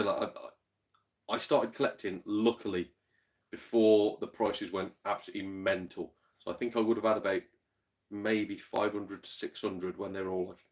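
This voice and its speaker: Tipsy, chatty streamer man. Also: sits low. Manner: chatty, swears freely, laughs often, tipsy. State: slightly tipsy. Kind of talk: casual live-stream chat.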